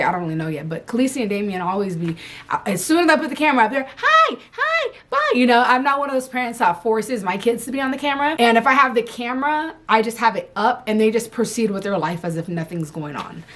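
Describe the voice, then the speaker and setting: Casting: young woman, a relaxed and frank mom vlogger speaking casually at home, unscripted. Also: medium pitch, fast. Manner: frank, candid, loose and chatty. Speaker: mom vlogger answering viewer questions. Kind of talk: casual chat.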